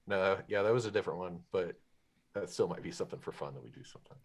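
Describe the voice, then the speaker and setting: Male bandmate, husky deep voice, deadpan wry chatter. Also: fast talker. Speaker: band member. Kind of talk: casual chat.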